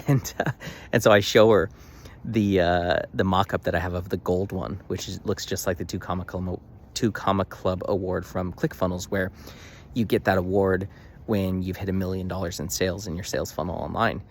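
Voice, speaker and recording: Young guy, low voice, chatty vlog story, lots of um and restarts, gets real excited. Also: normal speed, slight background noise. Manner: animated, emphatic, many fillers and restarts. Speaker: vlogger. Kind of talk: casual storytelling to camera.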